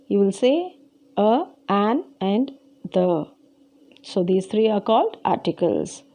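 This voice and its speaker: A woman schoolteacher with an Indian English accent walks children through a grammar lesson, repeating each rule. Her voice sits fairly high yet sounds mellow, with a gravelly edge. She speaks slowly and patiently. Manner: slow, patient explaining with repeated key points. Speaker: school teacher.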